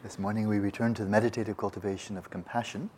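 A man's voice: fairly low pitch, flat delivery, very fast, a little mellow, a little hiss or hum. A man teaching meditation in a reflective talk. He speaks thoughtfully and often restarts his sentences. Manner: acts out quoted voices.

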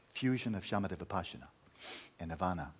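Low husky male meditation teacher. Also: expressive, fast talker. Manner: emphatic, repeating key words, dropping to near-whispers. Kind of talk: dharma talk.

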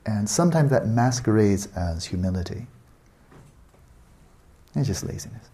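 A man's voice: mid-range voice, moderate pace, long pauses, mellow. A man teaching meditation in a blunt, sarcastic, conversational way, mocking the excuses students make. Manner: blunt and sarcastic, mimics students' doubting thoughts. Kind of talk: dharma teaching talk.

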